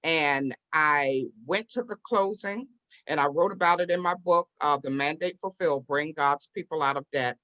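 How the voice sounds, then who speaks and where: A woman's voice: low-pitched, moderate pace. A woman telling a personal story as an interview guest, acting out the voices of the people in it. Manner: animated storyteller who acts out quoted voices. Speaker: real estate investor and business owner, interview guest.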